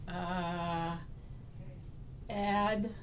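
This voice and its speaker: Guest: woman with a Boston accent, slightly low voice, animated anecdotes with acted-out quotes, faint background noise. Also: very slow. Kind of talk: conversational storytelling.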